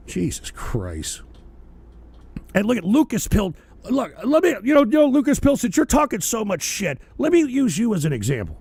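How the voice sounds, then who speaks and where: A man hosting a live political talk stream, ranting and swearing and often shouting angrily at viewers in the chat. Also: sits high, huge pitch swings, moderate pace, husky.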